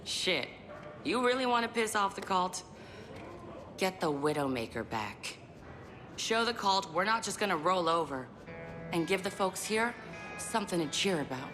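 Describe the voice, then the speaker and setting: An actress playing a tough small-town bar owner who talks bluntly and swears, in a video game cutscene. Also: female voice, lowish voice, expressive, unhurried, long pauses, over music. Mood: defiant. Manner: blunt, swears, dry laugh. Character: tough bar-owning woman, blunt and defiant.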